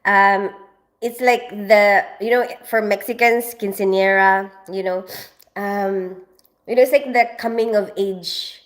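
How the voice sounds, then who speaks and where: She speaks slowly here, her mid-range voice stuffy from allergies, as the forties-aged Filipina livestreamer chats freely with viewers from home. The conversation is chatty and unscripted, wandering along with plenty of fillers.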